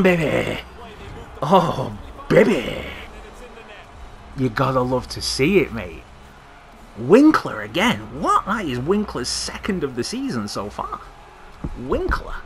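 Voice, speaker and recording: A young man narrates his hockey game as he plays it, cursing and cheering loudly at the screen. His voice is sharp and bright, and his pitch swoops up and down a lot. He talks in the casual banter of a gaming channel host. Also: a little hiss or hum. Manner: excitable, swears, yells at the game. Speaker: gaming commentator. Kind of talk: live gameplay commentary.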